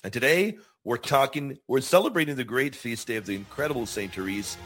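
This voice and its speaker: A man's voice: mid-range voice, lively intonation, brisk, fairly bright tone, faint music behind. A man hosting a Catholic teaching show, speaking earnestly and emphatically, repeating key words for stress. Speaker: show host.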